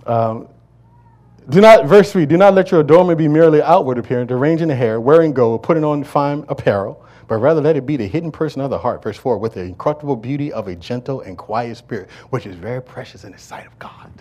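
A male pastor delivering a sermon to a congregation, joking and asking the listeners to fill in words, swinging between loud declarations and low asides. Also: expressive, quick pace. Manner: call-and-response preaching, asks congregation to fill in words. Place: church service before a congregation.

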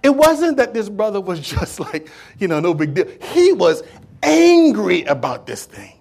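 A man delivering a sermon in an unusually high voice for a man. He talks to the congregation conversationally, with streetwise turns of phrase. He stacks repeated words and phrases for emphasis. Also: huge pitch swings, a little slow, a little mellow, slightly rough. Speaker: preacher.

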